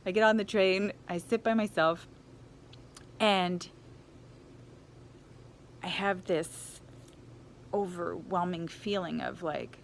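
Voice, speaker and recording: A woman's voice: fairly low pitch, slow pace, vocal fry, long pauses, slight background noise. A woman telling a personal travel story, laughing often and acting out the people she quotes.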